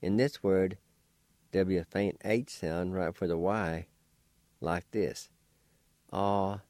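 A man hosting a radio language lesson, spelling out words syllable by syllable in a slow, deliberate way. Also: deep voice, fairly even intonation, darkish tone, no room sound. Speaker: language teacher and radio host.

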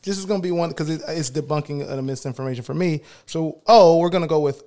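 A man's voice: fairly high pitch, quick pace, hardly any pauses. Laid-back slangy male podcast host. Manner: laid-back, slangy, animated when reading aloud. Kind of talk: casual chat.

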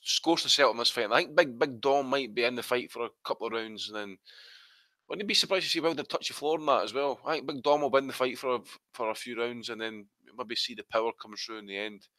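Man, animated, dry close sound. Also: mid-range voice, no echo. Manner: animated, swearing, teasing. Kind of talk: casual boxing chat.

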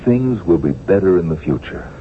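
A deep-voiced, weary doctor. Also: male voice, lively intonation, normal speed. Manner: soft-spoken, apologetic, melancholy. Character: weary, timid, gentle male town doctor. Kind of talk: 1970s radio drama acting. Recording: tinny old radio broadcast, faint hiss.

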